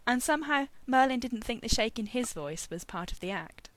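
A woman reading a story aloud as narrator, expressive and wry. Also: medium pitch, normal speed, hardly any pauses.

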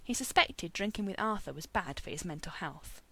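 A woman reading a story aloud as narrator, expressive and wry. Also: fairly low pitch, moderate pace, vocal fry, slightly rough.

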